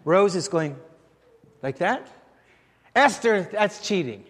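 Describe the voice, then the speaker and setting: This man's pastoral sermon moves slowly and expressively in a high pitch, his stories riddled with fillers and false starts. Background noise is present, and a large hall's long reverb trails his words.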